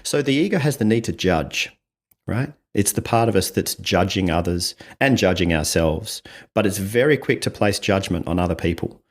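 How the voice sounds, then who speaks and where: A man's voice: low-pitched, animated, normal speed. A man from Australia, a communication coach, explaining ideas in steps on an interview podcast, acting out quoted voices and laughing often. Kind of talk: conversational interview.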